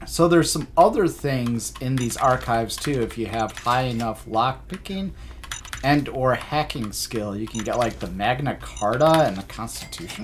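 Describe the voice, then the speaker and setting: Excitable, jokey man streaming a game. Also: medium pitch, measured pace, slight background noise. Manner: excitable, jokey, swears, laughs often. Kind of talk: live gameplay commentary.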